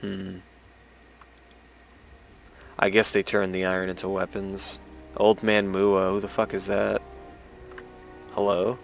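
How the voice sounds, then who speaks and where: A man's voice: sits low, completely flat delivery, slow, vocal fry, pauses often, soft background music, low-quality recording. A man casually commenting while playing a role-playing game, offhand and sarcastic, with some swearing. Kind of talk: let's play commentary.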